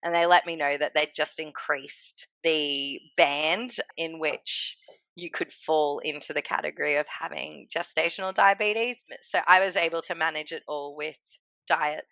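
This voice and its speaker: A woman's voice: low-pitched, fairly even intonation, measured pace, gravelly, a bit bright, no echo. A woman telling her own story as a guest in a casual interview, chatty and laughing often, acting out what people said.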